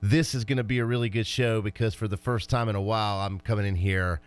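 A man hosting a sports talk radio show, talking with fired-up energy about high school and college football. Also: fairly even intonation, fast, smooth, faint music behind.

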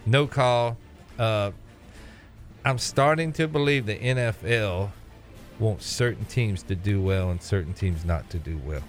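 A man's voice: on the low side, a little slow, faint music behind. A man co-hosting a sports talk show, ranting sarcastically and giving his opinions. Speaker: sports radio co-host.

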